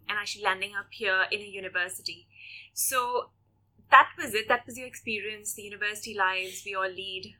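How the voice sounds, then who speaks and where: A woman's voice: medium pitch, pushed and bright, rough recording. A woman co-hosting an interview, summing up and asking follow-up questions. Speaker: interview co-host. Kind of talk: conversational interview.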